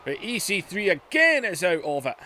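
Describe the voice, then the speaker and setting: A man giving play-by-play wrestling commentary over a video game, excitable, dropping to low muttering and then shouting at the big moves. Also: moderate pace. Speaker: gaming YouTuber.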